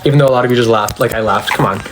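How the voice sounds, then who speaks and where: A man's voice: medium pitch, music in the background. A young man at home, chatting sassily into his phone as he answers fan questions on a live stream. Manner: chatty and sassy, quick comebacks. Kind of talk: casual live Q&A chat. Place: at home, sitting on the floor.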